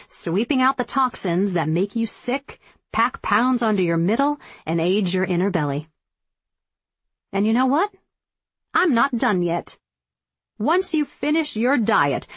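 A woman's voice: mid-range voice, husky, no echo. Emphatic woman reading her diet book. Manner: emphatic, motivational, firm. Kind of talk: scripted audiobook narration.

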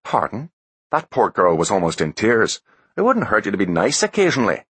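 Steady giant bodyguard, measured and protective, as a man reads him, lively delivery. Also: fairly low pitch, husky, dry recording, pitched above the performer's own voice, full character voice. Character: huge calm loyal bodyguard, man.

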